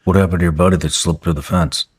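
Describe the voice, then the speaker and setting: A man's voice: low-pitched, fairly even intonation, fast talker, husky, no echo, studio quality. A man hosting a podcast interview, asking direct questions and giving brief reactions. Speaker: podcast host. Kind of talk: interview host, reads ad.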